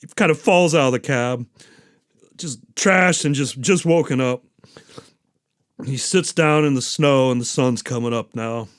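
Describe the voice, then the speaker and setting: A man's voice: medium pitch, a little slow, pauses often. A man hosting a podcast, recapping a movie in a rambling, profane, casual way. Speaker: podcast host.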